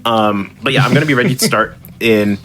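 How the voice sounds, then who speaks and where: A man's voice: mid-range voice, fairly quick, a bit bright. A man commentating his own speedrun, rambling, laughing a lot and mocking himself. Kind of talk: casual commentary while playing.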